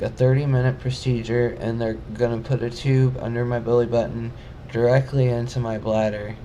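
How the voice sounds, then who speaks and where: Young male vlogger, emotional rambling storyteller, average pitch, light background hiss. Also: warm tone. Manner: emotional, rambling, frequent fillers and restarts. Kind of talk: personal storytime vlog.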